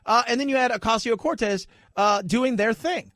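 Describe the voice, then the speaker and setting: A man's voice: very high voice, lively intonation, moderate pace, a bit bright, dry recording, clean studio sound. A man hosting talk radio, giving an opinionated, sarcastic monologue and putting on mocking voices now and then. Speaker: radio talk show host.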